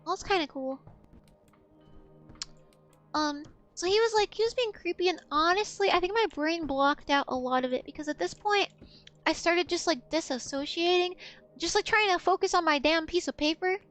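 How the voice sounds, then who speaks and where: Young woman, streamer, very high voice, casual chat, swears a lot, gasps and squeals. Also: moderate pace, a bit bright, faint music behind. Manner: swears freely, gasps oh my god, shrieks with laughter.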